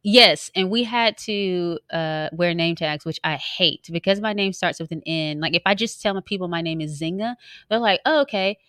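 Lively joking young woman co-host. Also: on the low side, moderate pace, dry recording, clean studio sound. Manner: animated, laughing, joking storyteller. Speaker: podcast co-host. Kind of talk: casual banter.

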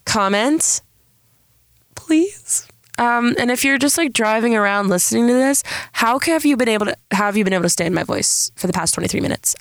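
A woman's voice: mid-range voice, dry recording, clean studio sound. A young woman from San Diego hosting a casual solo podcast, with a Valley girl-sounding voice, rambling and self-deprecating. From San Diego, California. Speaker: podcast host.

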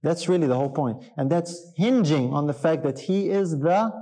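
A man delivers a sermon in a slightly higher voice, earnest and emphatic. He keeps asking his listeners questions and pressing his point home. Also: lively intonation, normal speed, warm tone, poor audio. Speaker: preacher.

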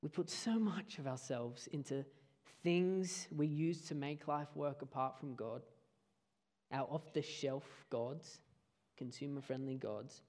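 A man's voice: on the high side, takes it slowly. Earnest man preaching a sermon. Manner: earnest, dropping to quiet emphasis.

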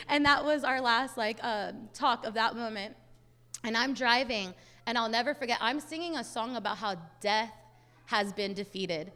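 A woman's voice: on the high side, moderate pace, sharp tone. A young woman sharing a personal testimony in a sermon, talking casually with lots of filler words. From Hispanic family, US. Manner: casual storytelling, many "like" fillers. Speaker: church speaker. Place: church sanctuary. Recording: long hall reverb.

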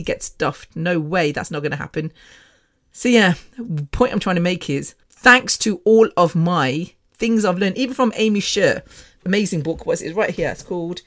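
A woman's voice: fairly low pitch, animated, moderate pace. A woman hosting her own podcast in a casual personal monologue, frank and candid with mild swearing, rambling with frequent restarts. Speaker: podcast host.

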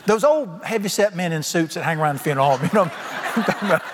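A man preaching a sermon, telling a folksy, animated story full of sudden jumps in pitch. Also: fast talker, background noise. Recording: reverberant hall with faint ambience.

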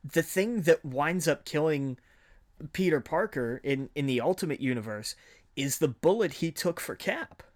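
A man's voice: fairly high pitch, expressive, moderate pace. A man co-hosting a podcast, explaining his views thoughtfully in casual chat. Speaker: podcast co-host.

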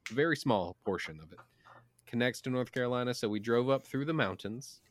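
A relaxed man in his thirties with a drawl, co-hosting a podcast in loose, profane chat. His voice sits in a middling register and is recorded dry and close, with no room sound. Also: medium pitch, brisk, dry recording. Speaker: podcast co-host. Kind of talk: casual chat.

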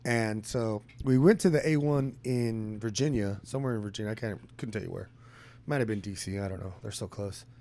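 A man's voice: on the low side, brisk, warm tone. A young man chatting casually, laid-back and slangy, often trailing off. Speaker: friend in casual chat. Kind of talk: casual chat.

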